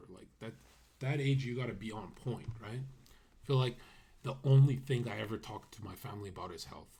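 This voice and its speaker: A man's voice: mid-range voice, a little mellow. A man streaming a casual monologue, brash and rambling, with many fillers and asides that trail off.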